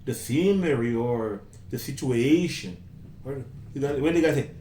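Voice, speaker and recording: A man's voice: medium pitch, moderate pace, dark tone, a little hiss or hum. A man with a Brazilian Portuguese accent leads a casual English conversation class, chatting, repeating his phrases and acting out the lines people say to him. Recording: echoey room, voice from a distance.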